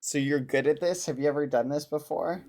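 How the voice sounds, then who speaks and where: A man's voice: fairly high pitch, a little fast, a little mellow. A man streaming a game, chatting casually in role-play, hesitant and stumbling over repeated words.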